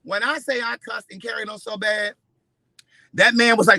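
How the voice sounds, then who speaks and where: A man with a high, very bright voice tells a story to his camera in an animated way, with plenty of profanity. He acts out the lines of each person in it. The sound is close and dry. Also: moderate pace, no room sound, poor audio. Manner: expressive, profane, acts out quotes with big swings in loudness. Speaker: vlogger.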